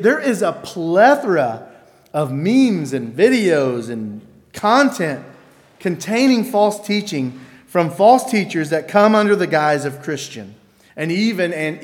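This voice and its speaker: A man's voice: high-pitched, big pitch swings, a little slow. A male pastor preaching a sermon in a loose, conversational way, acting out quoted voices and repeating himself as he builds a point. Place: church sanctuary. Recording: long reverb of a large hall.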